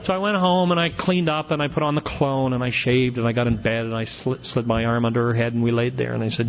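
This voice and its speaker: A man's voice: mid-range voice, steady tone, fast, hardly any pauses. Middle-aged man, wry storyteller, self-mocking, muffled lo-fi tape, faint hiss. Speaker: AA speaker. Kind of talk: storytelling recovery talk. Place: meeting hall with audience.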